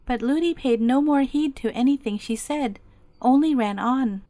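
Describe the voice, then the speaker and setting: A woman with a high voice reads a fairy tale aloud at bedtime, gentle and steady. The sound is dry and close, with no room around it. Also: moderate pace, no room sound. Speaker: storyteller. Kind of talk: bedtime story narration.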